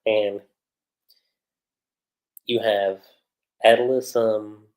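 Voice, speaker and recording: A man's voice: on the low side, little pitch movement, extremely slow, a little mellow, poor audio. A man reviewing an anime on a livestream in a casual, rambling way, laughing often and acting out quotes. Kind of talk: casual livestream episode recap.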